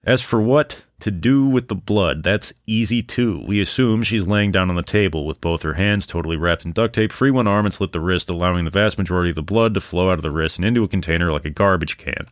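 Speaking fairly quickly with few pauses, a low-pitched man narrates a case on his true-crime podcast and drops into sarcastic, profane asides. His stand microphone gives studio quality with no room sound.

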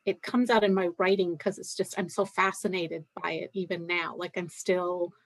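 A woman's voice: lowish voice, flat delivery, moderate pace, dry recording. A middle-aged woman from Scotland who now sounds American, talking casually as an interview guest, hesitant with many fillers and restarts. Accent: American with Scottish roots. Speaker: guest, writer and massage therapist.

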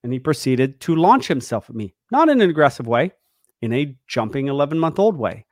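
A man's voice: mid-range voice, brisk, dry recording, studio quality. A man hosting a podcast, chatting casually about dog training and getting worked up as he acts out what the dog is thinking. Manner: animated, gets worked up, acts out the dog's thoughts.

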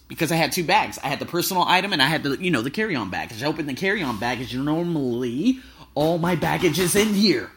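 A thirty-year-old man, a travel vlogger, telling stories casually and excitably, swearing freely. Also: fairly high pitch, quick pace, slightly rough. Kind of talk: casual storytelling.

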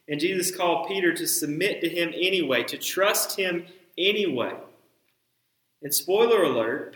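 A man's voice: on the high side, a bit bright, echoey room, poor audio. A man in his thirties preaching a sermon, who acts out the dialogue of biblical figures with dramatic emphasis. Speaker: pastor.

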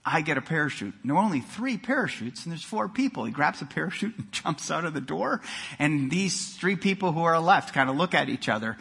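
A man preaching a sermon, telling jokes and stories with animated emphasis and frequent repeated words. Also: on the high side, a little fast, vocal fry, husky. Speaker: pastor.

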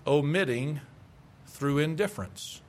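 Middle-aged guy preaching, high voice, punchy and emphatic, plays out little dialogues. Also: expressive, a little slow. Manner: emphatic, acts out quoted replies. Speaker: pastor. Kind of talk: sermon.

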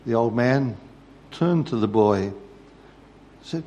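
A man preaches a sermon at a slow, deliberate pace. His voice sits at a middle pitch and takes its time. He tells stories in a measured, steady way. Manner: measured storytelling.

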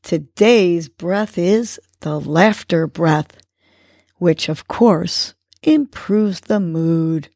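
A woman leads a guided breathing exercise on her podcast in a slow, gentle, encouraging way. Her voice has a gravelly, creaky edge. The sound is close and dry. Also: fairly low pitch, dry recording. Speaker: podcast host.

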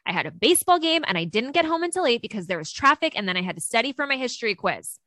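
A woman voicing a demanding, entitled teenage boy student who shouts his complaint in all caps. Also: on the high side, sing-song, quick pace, no echo, pitched above the performer's own voice. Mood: indignant.

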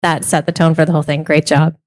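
A woman gives feedback after a speech, praising the speaker's handling of it. Her voice sits low and flat, with little rise or fall. She sounds a bit distant from the microphone. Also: fast talker. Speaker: speaking coach giving feedback.

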